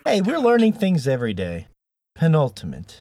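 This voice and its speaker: A man's voice: mid-range voice, animated, a little fast, no echo. A man hosting a podcast, rambling through jokes and laughing often. His voice sits mid-range and sounds close and dry. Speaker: podcast host. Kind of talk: casual chat.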